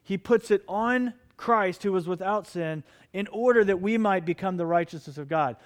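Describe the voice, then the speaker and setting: A man's voice: sits high, moderate pace, clear, resonant tone. A middle-aged man preaching a sermon as pastor, impassioned and pleading with his listeners.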